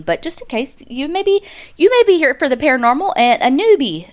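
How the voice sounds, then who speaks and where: A woman's voice: high-pitched, big pitch swings, quick pace. A woman, co-hosting a podcast and casually retelling a true-crime case with quoted dialogue and asides. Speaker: podcast co-host.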